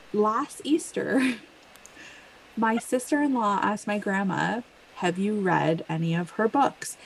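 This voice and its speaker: A woman's voice: mid-range voice, slight background noise, poor audio. Laughing Canadian woman telling stories. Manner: animated storytelling with frequent laughs. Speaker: author guest. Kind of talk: casual interview chat. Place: home, on a yoga wall.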